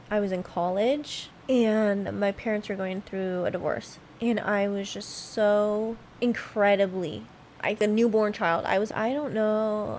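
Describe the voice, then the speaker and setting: A woman's voice: medium pitch, a little hiss or hum. A woman in her late twenties hosting a solo podcast, reflecting candidly and emotionally, swearing often and close to tears at times. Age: late 20s. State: tearful at times. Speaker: podcast host.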